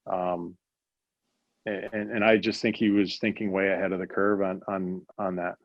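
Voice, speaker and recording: A man's voice: low voice, little pitch movement, normal speed, no room sound, lo-fi sound. A middle-aged American man telling hockey stories in a casual interview, rambling with many restarts and fillers. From United States. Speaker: guest, hockey executive.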